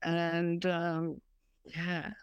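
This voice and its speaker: A woman's voice: lowish voice, completely flat delivery, extremely slow, clear, resonant tone, no room sound, muffled recording. A woman guest on a podcast interview, speaking bluntly and matter-of-factly and laughing at herself. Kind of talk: casual interview chat.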